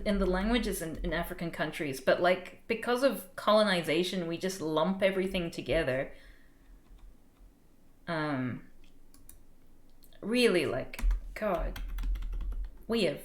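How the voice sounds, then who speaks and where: A woman's voice: fairly low pitch, expressive, unhurried, long pauses, reverberant. A young woman chatting casually on a study stream, thinking aloud with lots of fillers. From Australia. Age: young adult.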